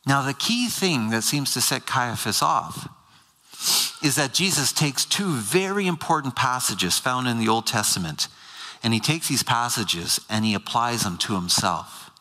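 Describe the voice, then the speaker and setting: A man's voice: medium pitch, lively intonation, unhurried, pushed and bright. A man explaining scripture to a live audience, emphatic and given to repeating and stumbling over words. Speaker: speaker. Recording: long hall reverb.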